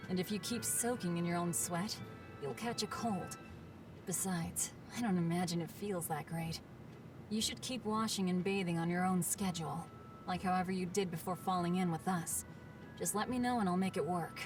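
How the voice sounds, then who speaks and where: A woman voicing a tough young warrior woman who talks bluntly and matter-of-factly, in a lowish voice. She sounds distant in the game audio, with music behind her. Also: moderate pace, close to an everyday voice. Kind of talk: game voice acting.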